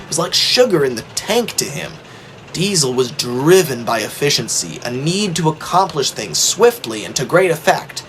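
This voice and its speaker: A man narrating a story in a lively, expressive reading style. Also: a little high.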